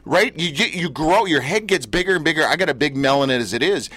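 A man's voice: fairly high pitch, expressive, brisk, pushed and bright, husky. A man hosting a podcast interview, talking in a jokey, self-deprecating way. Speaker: podcast host. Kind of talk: casual joking chat.

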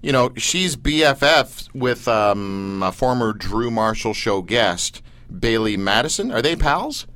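Lively, bright-voiced male radio host. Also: mid-range voice, a little slow, dry recording. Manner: teasing, jokey. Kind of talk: radio interview.

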